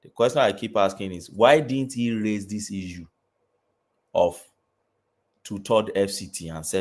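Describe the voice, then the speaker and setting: A man with a Nigerian accent on a live call-in debate, building his argument point by point in a measured way. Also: on the low side, darkish tone.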